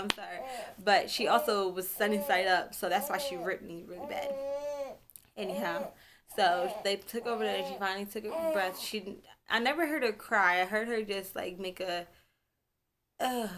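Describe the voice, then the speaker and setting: A woman's voice: mid-range voice, noisy background. A young woman vlogging at home, telling a story casually, rambling, backtracking and apologizing as she goes. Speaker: vlogger, new mother.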